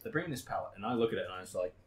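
A man's voice: low-pitched, animated, rapid-fire. A man, a podcast co-host telling work stories in casual chat, swearing a lot and acting out what others said. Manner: swears a lot, acts out his old workmates in quotes.

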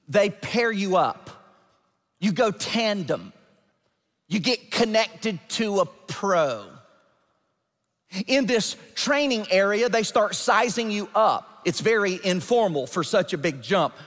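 A male pastor telling a story in a sermon, animated and building to emphatic peaks. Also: high voice. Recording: long church hall reverb.

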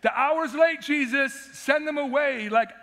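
A man's voice: very high-pitched, unhurried, sharp tone, pitched above the performer's own voice, heavily acted. A man voicing a tired disciple who complains and wants to go home to eat. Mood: complaining. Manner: complaining, impatient. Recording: long hall reverb.

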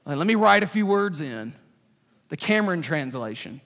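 A man preaching a sermon in a church, animated and joking, with loud outbursts. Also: fairly high pitch, moderate pace, vocal fry. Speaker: pastor. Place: large church sanctuary. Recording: reverberant church hall.

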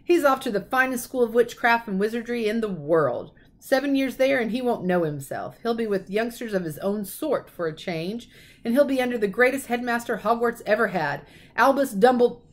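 A woman voicing a huge, gruff but kindly male half-giant gamekeeper with rough folksy speech, read aloud from a storybook. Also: extremely high pitch, expressive, moderate pace, pitched above the performer's own voice. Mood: indignant.

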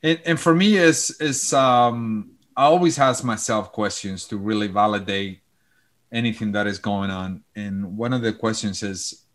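A man talking as a podcast guest, earnest and warm in content, often repeating and restarting his phrases. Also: fairly low pitch, steady tone, a little slow. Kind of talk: casual chat.

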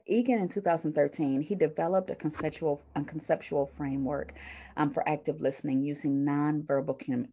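Low, gravelly-voiced woman lecturing. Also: mellow. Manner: conversational, frequent fillers and self-corrections; shows items to the camera while teaching. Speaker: counseling professor. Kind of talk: recorded university lecture.

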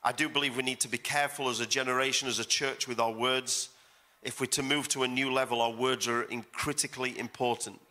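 Bright-voiced man preaching a sermon. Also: medium pitch, steady tone, brisk. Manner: emphatic, repeats phrases for effect. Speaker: guest pastor. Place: church service.

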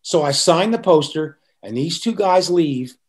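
A man's voice: fairly high pitch, unhurried. An older man, a musician guest, telling a story in a casual interview and acting out the voices of the people in it. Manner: animated storyteller who acts out quotes.

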